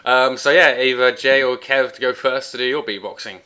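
A man's voice: mid-range voice, steady tone, fairly quick, sharp tone, clean tone. A man running a guessing round in a group call, teasing the players lightly and chuckling. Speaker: quizmaster. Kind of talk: casual group call chat.

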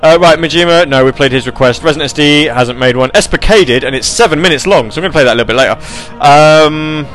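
A man hosting a casual live radio show, rambling and animated as he reads chat messages and tells stories. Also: on the high side, fast talker, hardly any pauses, soft background music.

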